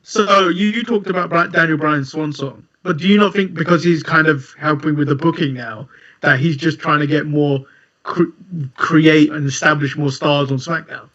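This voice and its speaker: A man's voice: fairly high pitch, normal speed, a bit bright. A man co-hosting a casual podcast chat, speaking bluntly and wryly. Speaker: podcast co-host. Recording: dry, dull call audio.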